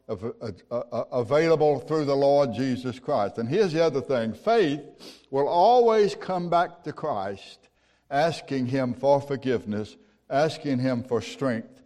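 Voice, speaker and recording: A man's voice: mid-range voice, darkish tone. A man preaching a sermon, telling stories in a folksy, conversational way with rhetorical questions. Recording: long hall reverb.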